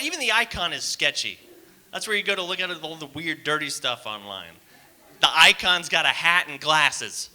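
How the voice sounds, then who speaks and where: A man's voice: on the high side, lively intonation, fairly quick, pushed and bright. A man doing a rambling, self-deprecating stand-up set on a theater stage, full of fillers. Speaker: stand-up comic.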